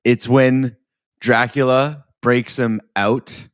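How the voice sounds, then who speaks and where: A man's voice: medium pitch, steady tone, takes it slowly, clean tone, no echo, clean studio sound. Swearing, rambling man in casual chat. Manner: rambling, swears, loses his place, laughs at his own retelling. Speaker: podcast co-host. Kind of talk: casual film review chat.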